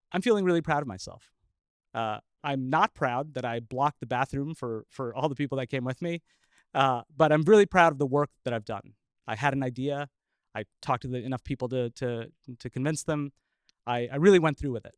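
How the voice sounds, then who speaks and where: A man who is a scientist telling a personal story live, chuckling often and pausing with filler uhs. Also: mid-range voice, clear, resonant tone, dry recording.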